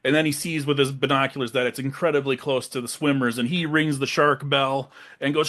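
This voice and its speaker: A young man co-hosting a casual movie podcast, retelling scenes with animated quick silly voices. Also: on the high side. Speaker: podcast co-host.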